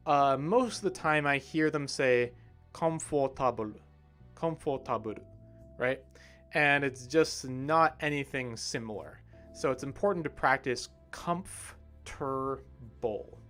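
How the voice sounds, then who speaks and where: A man's voice: medium pitch, a bit bright. Man teaching English pronunciation. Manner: slow, clear modelling of words with frequent "right?". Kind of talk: livestream pronunciation lesson.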